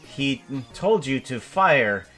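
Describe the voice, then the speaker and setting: A man voicing a sly, mocking female demon for an animation script read-through, with teasing, drawn-out lines. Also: mid-range voice, very animated, a bit bright, faint music behind.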